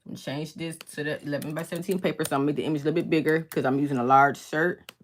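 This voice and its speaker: A woman with a low, deep speaking voice runs a casual crafting tutorial from her home workspace. She talks fast and keeps checking in with the viewer as she goes. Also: fairly even intonation, a little hiss or hum. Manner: fast-talking, checks in with "okay?" often. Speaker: crafting instructor. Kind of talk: casual screen-share tutorial.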